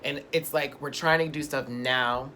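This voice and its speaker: A sassy, playful man co-hosting a casual chat show, talking at an everyday middle pitch. He reads out viewer questions and jokes between them, sometimes slipping into put-on accents. A faint hiss of room noise sits behind his voice. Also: fairly even intonation, a little slow, bright, forceful tone. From Houston. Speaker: co-host.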